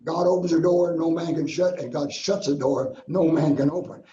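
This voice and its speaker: A man's voice: on the high side, steady tone, moderate pace, dark tone, slight background noise. An older man, a guest minister, tells a personal testimony in an earnest, repetitive preacher's cadence. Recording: roomy, dull lo-fi sound.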